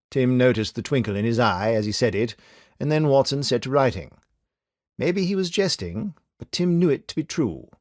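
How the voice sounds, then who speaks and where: Guy narrating an audiobook, measured, lively pitch, dry studio mic. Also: dry recording. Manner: measured storytelling. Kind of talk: scripted narration. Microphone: studio microphone.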